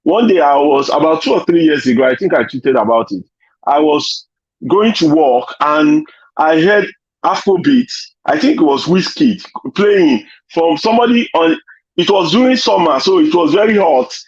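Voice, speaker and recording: Nigerian man, high-pitched husky voice, rambling anecdotes with "you know" fillers, dry lo-fi call sound. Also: lively intonation, moderate pace, dry recording. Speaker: panel guest. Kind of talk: casual online panel chat. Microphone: video call.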